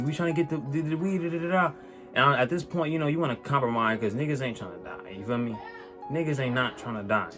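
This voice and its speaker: A man telling a personal story on his vlog in a casual, animated way, swearing and using lots of slang, with many restarts. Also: mid-range voice. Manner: animated, profane, slang-heavy, rambling with restarts. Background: faint music.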